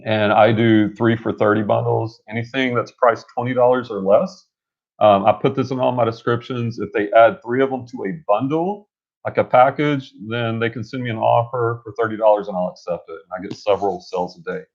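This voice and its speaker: A man's voice: medium pitch, fairly even intonation, a little fast. A man co-hosting a casual livestream about reselling, upbeat and reading viewer comments aloud. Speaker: reseller co-host. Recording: dull lo-fi livestream audio.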